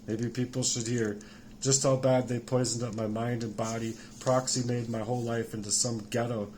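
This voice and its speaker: A man in his forties ranting furiously and swearing, his voice jumping from shouts down to bitter mutters. His pitch sits in the ordinary middle for a man. A faint noise hums behind him. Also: level tone, normal speed. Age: 40s. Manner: furious and profane, swinging between shouting and low muttering. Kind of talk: angry personal rant to camera.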